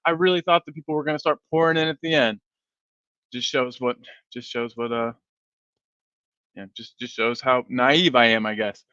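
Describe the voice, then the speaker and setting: A man's voice: mid-range voice, steady tone, moderate pace, long pauses, sharp tone, dry recording. A sleepy man hosting a fan live stream, rambling casually and reading viewer comments aloud. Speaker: fan channel host. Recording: dull, dry stream audio.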